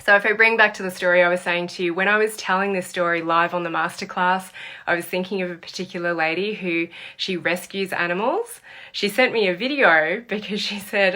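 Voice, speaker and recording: A woman speaks as a therapist in an earnest, story-led explanatory talk. Her voice is bright and forceful, sitting a little low in pitch. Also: fairly even intonation, fairly quick. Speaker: therapist and trainer.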